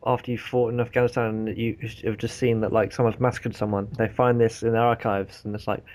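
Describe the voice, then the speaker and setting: A man's voice: fairly low pitch, level tone, a little fast, a little mellow. A man co-hosting a casual podcast over a voice call, teasing his friends in a mock-stern way. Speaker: podcast co-host. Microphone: computer mic on a voice call.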